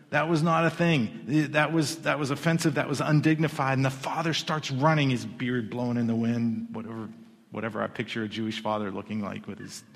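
A man preaching a sermon, telling a Bible story with casual, conversational asides and quick restarts. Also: fairly high pitch. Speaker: pastor. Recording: long hall reverb.

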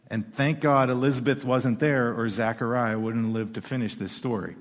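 A man's voice: medium pitch, fairly even intonation, normal speed, hardly any pauses. Emphatic preaching man in a reverberant hall. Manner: emphatic and conversational, swinging from loud to hushed. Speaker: pastor. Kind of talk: sermon.

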